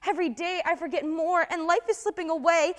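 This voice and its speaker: A woman's voice: very high-pitched, steady tone, fairly quick. A woman playing a despairing young woman of twenty-three, with an intense, emotional delivery in an amateur stage drama.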